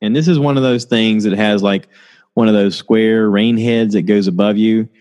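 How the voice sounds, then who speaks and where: A man's voice: on the low side, fairly even intonation, moderate pace, darkish tone. A man hosting a casual solo podcast, telling stories in a rambling way and laughing often. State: tired, low on energy. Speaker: podcast host.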